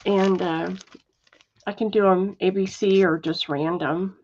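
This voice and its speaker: A woman hosting a casual live sale, chatting slowly and softly with many fillers and reading out viewer comments. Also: on the low side, steady tone, a little hiss or hum. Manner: chatty, warm-hearted, reads viewer comments aloud; slow, soft-spoken, with frequent fillers. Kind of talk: casual live selling chat. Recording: dull lo-fi livestream audio.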